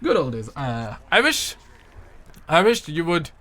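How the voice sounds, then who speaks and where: A young man from Pakistan hosts a gaming news livestream in a loose, casual chat. His fairly high voice has a bright, forward edge. He jumps his pitch around on purpose so he never sounds flat. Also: a little slow. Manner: animated, shifts his voice up and down on purpose.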